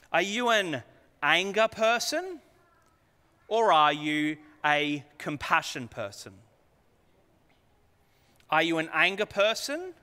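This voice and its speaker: A man's voice: fairly high pitch, sharp tone, clean tone. A man preaching a sermon, earnest and conversational, putting rhetorical questions to his congregation. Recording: long hall reverb.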